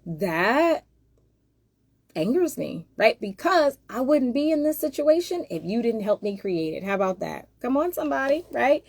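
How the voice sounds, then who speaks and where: A woman's voice: mid-range voice, big pitch swings, measured pace, a little mellow, no echo. A woman hosting a casual monologue, emphatic and rhetorical, addressing viewers directly. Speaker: host.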